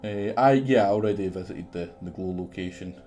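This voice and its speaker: A Scottish man streams a game live, rambling casually, swearing freely and answering back to what's on screen. His voice sits low and runs a little fast, with a warm tone, and faint music plays behind him.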